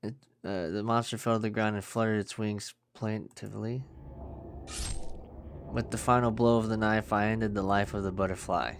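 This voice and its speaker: A man's voice: fairly low pitch, fairly even intonation, normal speed, a little hiss or hum. A man streaming a horror game, reading its text aloud with crude, joking asides. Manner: profane, joking asides between narration. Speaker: gaming streamer.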